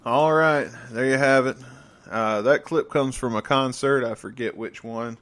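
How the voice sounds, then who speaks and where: A man's voice: medium pitch, a little slow, fairly bright tone. A man from the southern United States co-hosting a podcast, chatting loosely, laughing often and tripping over repeated words. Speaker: podcast co-host. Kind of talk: casual chat.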